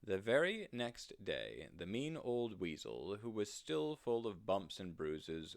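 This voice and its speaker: A man reading a children's storybook aloud in an expressive, sing-song storytelling manner. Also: fairly low pitch, slow pace, vocal fry, hardly any pauses, no echo.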